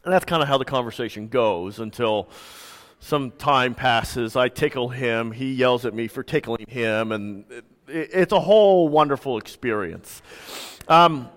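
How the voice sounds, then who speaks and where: Slow-speaking pastor in a reverberant church. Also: male voice, mid-range voice. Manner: conversational, self-deprecating storytelling. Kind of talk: sermon. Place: church sanctuary.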